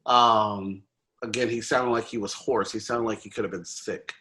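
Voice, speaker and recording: A man's voice: on the low side, steady tone, moderate pace, bright, forceful tone. A man hosting a podcast, chatting casually about a movie in a rambling way, with many fillers and restarts. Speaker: podcast host. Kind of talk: casual movie review chat.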